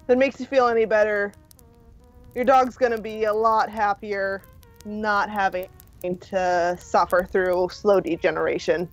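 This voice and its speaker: A woman's voice: mid-range voice, fairly even intonation, measured pace, faint music behind, natural voice. A woman voicing an easygoing middle-aged man who rescues a frightened stranger, with an offhand, fumbling manner. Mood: breezy. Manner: casual, offhand, fumbling fillers. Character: easygoing blond middle-aged male mage rescuer, breezy.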